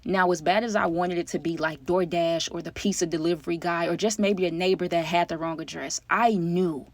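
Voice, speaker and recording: Fast-talking young woman telling a story. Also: fairly low pitch, no echo. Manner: animated, addresses viewers as y'all. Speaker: storytime vlogger. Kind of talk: casual storytime.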